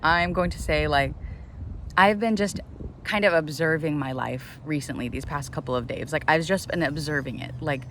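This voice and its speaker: A woman vlogging outdoors in the sun, rambling excitedly about her life, saying "like" constantly and swearing freely. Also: low voice, moderate pace, a little hiss or hum. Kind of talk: casual self-talk vlog.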